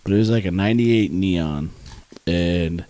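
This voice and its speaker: A man's voice: low-pitched, measured pace, mellow. A young man casually telling a story on a podcast, laid-back, swearing freely and laughing often. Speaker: podcast co-host.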